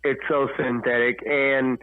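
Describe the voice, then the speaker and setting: A man's voice: medium pitch, little pitch movement, unhurried, no echo. A man hosting a casual podcast, rambling through heated, profane opinions over a tinny phone-like line. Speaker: host.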